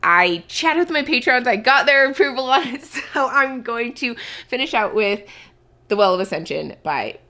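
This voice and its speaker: A woman's voice: fairly high pitch, very animated, moderate pace, bright, forceful tone. A young woman talking to camera in a book vlog, thinking aloud with lots of fillers, a little sick with a cough. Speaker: book vlogger. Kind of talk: casual chat to camera.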